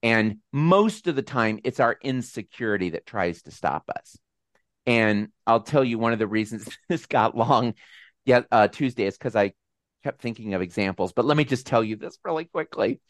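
A man hosting a casual video call, telling a personal story in an animated, self-deprecating way. His voice sits in a middle register and sounds dry and close, with no room around it. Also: medium pitch, normal speed, no echo. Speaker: host. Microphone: video call mic.

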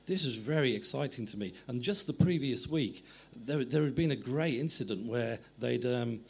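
A man's voice: medium pitch, normal speed, vocal fry, slightly rough. A middle-aged man, an author guest, telling anecdotes in a meandering way, often stopping to correct himself. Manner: meandering, self-correcting storytelling. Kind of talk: anecdotal conversation.

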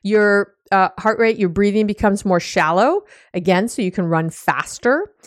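A woman coach talks her listeners through a topic in a lively, chatty way, slipping into short acted-out bits of dialogue. Her voice sits at a middle pitch. The sound is dry and close, with no room around it. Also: normal speed, no echo. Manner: animated, acts out little quoted exchanges, frequent "you know"; warm and teasing with listeners. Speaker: relationship coach and podcast host. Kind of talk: casual explanatory talk.

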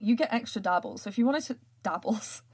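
A woman's voice: a little high, lively intonation, fast talker, darkish tone, husky. Rambling, giggly woman podcaster. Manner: laughing, rambling, full of fillers. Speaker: podcast host and writer. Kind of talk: casual chat.

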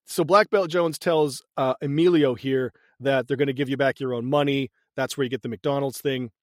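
A man's voice: medium pitch, fairly even intonation, normal speed, no room sound, clean studio sound. A man co-hosting a casual movie recap, retelling scenes with profanity and frequent laughter. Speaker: podcast co-host.

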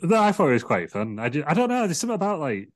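A man's voice: fairly high pitch, very animated, rapid-fire. A man co-hosting a podcast, chatting in a rambling, casual way with many fillers. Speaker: podcast co-host. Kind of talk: casual chat.

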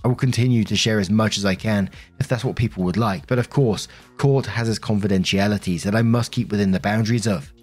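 A man narrating written online stories aloud in a steady, scripted reading style. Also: on the low side, quick pace, few pauses, slightly rough, soft background music.

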